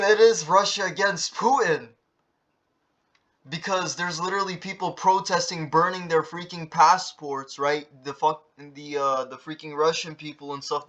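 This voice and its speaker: A man's voice: a little high, pushed and bright. A man vlogging a casual news update, rambling with lots of fillers, swearing and tag questions, and reading headlines aloud. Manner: rambling, filler-heavy, swears, keeps asking "right?".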